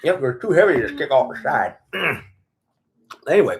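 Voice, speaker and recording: Farmer host, blunt and profane, animated pitch, loose livestream chat. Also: male voice, normal speed, heavy background noise. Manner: profane, blunt storytelling with laughs. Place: farm in Virginia.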